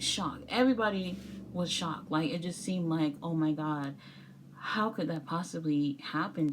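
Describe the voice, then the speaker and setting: A woman's voice: sits low, darkish tone. A young woman casually reviewing wrestling documentaries, rambling with lots of fillers and restarts.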